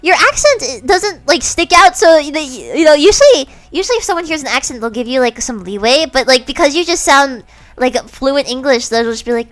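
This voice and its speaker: A young woman streamer in casual chat, animated and giggly, filling her talk with "like" and "oh my gosh". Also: high-pitched, brisk. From United States. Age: young adult. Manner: animated, giggly, heavy use of filler words. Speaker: streamer host.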